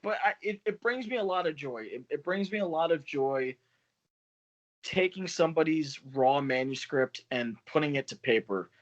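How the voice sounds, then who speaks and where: Laughing frequently and swearing as he chats loosely, a small press publisher and poet talks on a video call with a fairly high pitch, lively intonation, and moderate pace. The call sound is dull and lo-fi.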